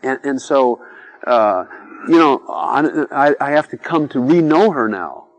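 A man's voice: mid-range voice, lively intonation, unhurried, no room sound, poor audio. A middle-aged man giving an informal sermon, chatty and full of asides, acting out little quoted voices. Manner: conversational, peppered with "you know", acts out quoted voices.

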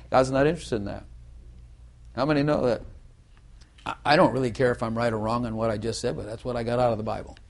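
A man's voice: medium pitch, fairly even intonation, fairly quick, creaky, pauses often. A middle-aged man preaching a sermon in a loose, conversational way, full of restarts and asides.

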